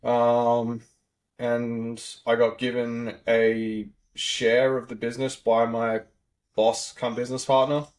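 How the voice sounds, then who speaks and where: A man's voice: mid-range voice, monotone, takes it slowly, a little mellow. Easygoing Australian man in his thirties. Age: 30s. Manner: rambling, filler-heavy, easygoing. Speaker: podcast guest, auto technician. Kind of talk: casual chat.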